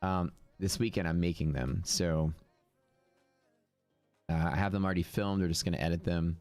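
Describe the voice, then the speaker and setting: A man's voice: low voice, fairly even intonation, moderate pace, darkish tone, dry recording, soft background music. A man live-streaming his trading screen, casually thinking aloud with fillers and restarts. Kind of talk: live screen-share commentary.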